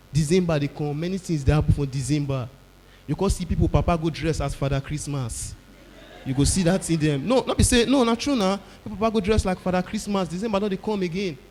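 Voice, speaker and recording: A male stand-up comedian with a Nigerian Pidgin accent tells stories loudly and acts out the people in them. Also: high voice, long reverb tail. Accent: Nigerian Pidgin English. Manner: loud animated storytelling, acting out characters.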